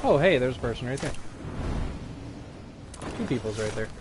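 This time his voice is medium in pitch, expressive, and moderately paced as he streams live play, chatting and jokingly taunting the other side. Gunfire and game effects make the recording very noisy.

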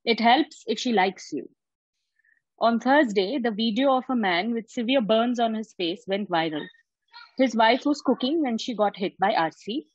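A woman in a writing workshop reading her own piece aloud in a steady, even way over a video call. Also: a little high, normal speed, husky, dry recording. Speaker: workshop participant. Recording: dry, dull video call audio.

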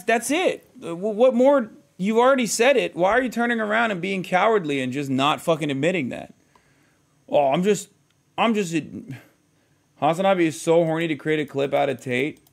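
Male streamer in his thirties, high-pitched, blunt and profane, mocks a clip he's reacting to. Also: gravelly. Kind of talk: live stream reaction commentary.

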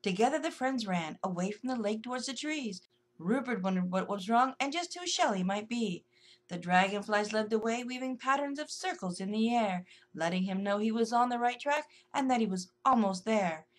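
A woman narrating a rhyming children's story in a gentle, sing-song way. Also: on the high side, lively intonation, normal speed.

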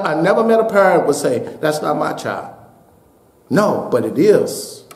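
A man preaching a sermon as pastor, building to shouted peaks and dropping to a hushed voice for a story. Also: high-pitched, roomy sound. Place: church sanctuary.

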